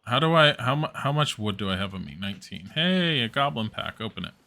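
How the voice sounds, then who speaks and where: Bright-voiced man muttering over a game. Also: medium pitch, big pitch swings, a little fast, vocal fry. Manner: mutters to himself, swears and groans at setbacks. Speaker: game streamer. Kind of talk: casual gameplay commentary.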